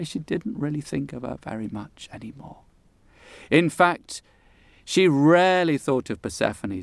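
Slow, lilting male storyteller. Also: fairly high pitch, gravelly, no echo. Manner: unhurried, dramatic pauses, folksy asides. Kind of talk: oral storytelling. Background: guitar music.

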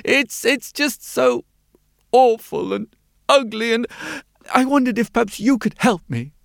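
A man's voice: extremely high pitch, animated, unhurried, vocal fry, a bit bright, no room sound, studio quality, voice pushed up, exaggerated voice. Field: a man voicing a timid squinty mole-man. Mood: pleading. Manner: anxious, pleading, stammering.

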